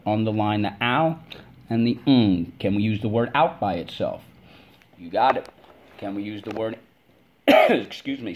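A man's voice: fairly low pitch, a little mellow. A man teaching a spelling lesson to kids, drilling words in call-and-response and stretching them out syllable by syllable.

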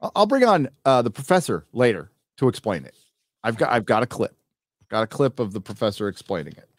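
A man's voice: medium pitch, very animated, a little fast, no room sound, studio quality. A man hosting a live show review in casual chat, mocking and mimicking characters. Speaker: host.

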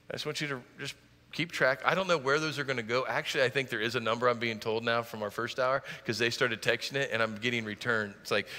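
A man's voice: mid-range voice, a little fast, bright, forceful tone, big-room sound. A middle-aged man preaching a sermon as pastor, driving points home with rising emphasis and joking asides. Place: church sanctuary.

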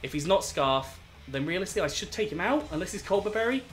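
A man in a slightly raised register narrates his game battle live, reasoning through each move out loud. When things go wrong he bursts into disbelieving outcries and blames himself. A soft music bed plays underneath. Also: sits high, expressive, fast. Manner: thinks aloud, self-critical, flares into exasperated outbursts. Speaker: gaming video host.

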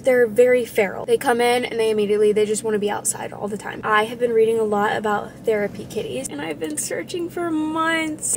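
A bubbly, excitable young woman talks straight into a phone camera in a casual family-vlog style. Her voice sits a little high for a woman. A steady car rumble runs clearly underneath her. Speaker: family vlogger. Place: in a car and at an airport curb. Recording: clear vehicle noise.

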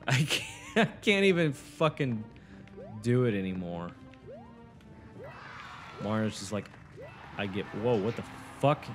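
A young man commentates his own gameplay for a friend, swearing, boasting and getting frustrated in a let's-play. His lowish voice is expressive but slow, with frequent pauses. Faint music plays behind him.

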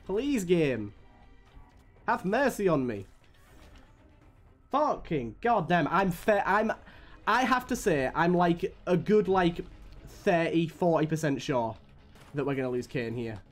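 Animated exasperated streamer man. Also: fairly high pitch, slow pace, pauses often, faint music behind. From United Kingdom. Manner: exasperated, swearing, grumbling at the game. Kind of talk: live gameplay commentary.

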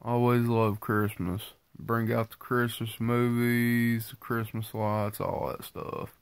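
Congested from sinus trouble and tired because he just woke up, a man gives viewers a casual weight-loss update. His voice is creaky yet smooth, level in tone and slow, with no room sound, and his manner is low-key and rambling.

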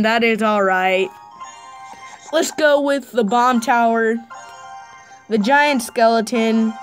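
Woman doing play-by-play on her game, slow and chatty, kinda high voice, faint music behind. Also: rough recording. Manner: chatty play-by-play, excited bursts. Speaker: gaming channel host. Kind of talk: live mobile gameplay commentary.

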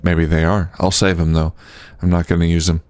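Low-voiced man doing game commentary. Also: little pitch movement, brisk, darkish tone, slight background noise. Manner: casual, thinking aloud. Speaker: gaming channel host. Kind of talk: let's play commentary.

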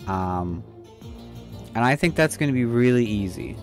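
A man's voice: mid-range voice, expressive, unhurried, soft background music. A man casually commenting on his game stream, joking, swearing and reading game text aloud in clipped bits. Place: home streaming setup.

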